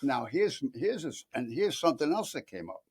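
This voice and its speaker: A man chatting as a guest on a local TV talk show, halting and restarting as he tells a story. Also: on the high side, big pitch swings, breathy edge. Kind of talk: casual chat. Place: local TV studio.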